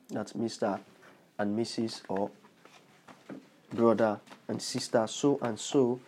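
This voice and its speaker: A man's voice: mid-range voice, warm tone. A man preaching on his podcast as a bishop, leading a prayer with earnest repetition and cries of praise. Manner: earnest, repeats phrases, exclaims praise. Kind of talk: podcast sermon with altar call.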